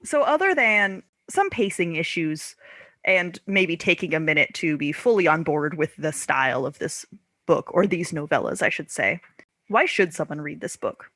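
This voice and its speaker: Lively low-voiced woman podcast host. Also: moderate pace, no echo. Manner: laughs often, self-correcting. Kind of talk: casual book discussion.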